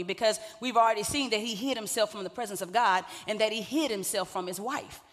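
A woman's voice: a little high, a little fast, a bit bright. A woman pastor, preaching a sermon in a conversational way, with joking asides to the congregation. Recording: long hall reverb.

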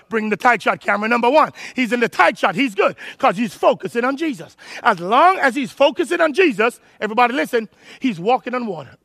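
A man pastor, preaching an animated sermon and calling out to his congregation. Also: very high-pitched, a little fast, vocal fry, dry recording. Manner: animated preaching, calls to the congregation, rises to shouts.

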